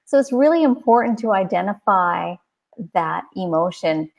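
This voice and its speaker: A woman's voice: mid-range voice, lively intonation, normal speed, vocal fry, a little mellow, rough recording. Chatty woman in her forties hosting. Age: 40s. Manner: chatty, encouraging, uses many fillers. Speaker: podcast host. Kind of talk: casual interview chat.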